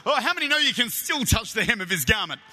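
An Australian man preaches with a very high, sharp, piercing voice, tumbling into excited stammers as he tells his stories. His sermon rings out through a church with a long, echoing hall reverb. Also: fast talker. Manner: energetic, animated storytelling with stammered restarts.

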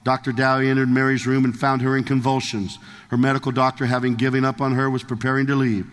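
A man's voice: medium pitch, flat delivery, fast. Give me a male preacher reading a story from the pulpit, earnest and emphatic, with long hall echo. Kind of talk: sermon, reading a story aloud.

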